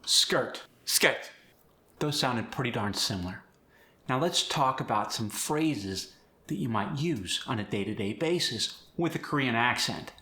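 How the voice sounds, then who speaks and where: A man's voice: medium pitch, expressive, normal speed, pushed and bright, roomy sound. A man coaching accents, explaining and demonstrating sounds by contrasting word pairs. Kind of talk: accent tutorial.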